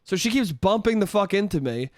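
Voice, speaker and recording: Young guy, solo comedy podcast host, high voice, swears a lot, dry close mic. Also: expressive, brisk, a little mellow, no room sound. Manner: profane, exasperated ranting.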